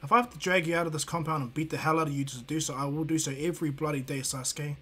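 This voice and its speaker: A man voicing a blunt, quick-tempered teenage ninja boy who lectures and scolds in a bossy way. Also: on the high side, fairly even intonation, sharp tone, slightly rough, soft background music. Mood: stern. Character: blunt hot-headed teen ninja boy.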